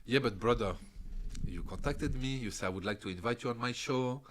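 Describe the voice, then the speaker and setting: A man's voice: mid-range voice, a little fast, a little hiss or hum. A man, a podcast guest telling stories casually and animatedly, laughing often. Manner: animated, laughs often, drops into character voices. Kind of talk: casual storytelling.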